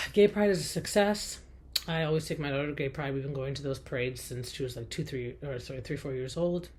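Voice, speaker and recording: A woman's voice: very deep voice, fairly even intonation, fast talker, a little mellow. A woman hosting a podcast, recapping reality TV in a chatty, blunt way with many fillers and some swearing. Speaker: podcast host.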